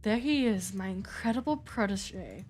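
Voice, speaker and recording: Calm wise mentor guy talking slow and reassuring, voiced by a woman. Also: medium pitch, lightly acted. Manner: measured, reassuring.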